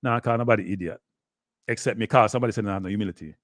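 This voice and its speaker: A man's voice: on the low side, rapid-fire, dry recording. Older jamaican guy rambling about sports on a live stream, drifts into patois, dry close sound. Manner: rambling, slips into patois, keeps addressing "people".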